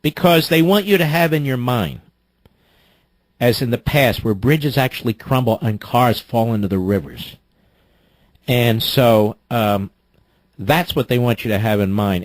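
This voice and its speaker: A man's voice: mid-range voice, no echo. Guy hosting talk radio, punchy and opinionated, dead dry mic. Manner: emphatic, opinionated, quick rapport with callers. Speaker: radio talk show host.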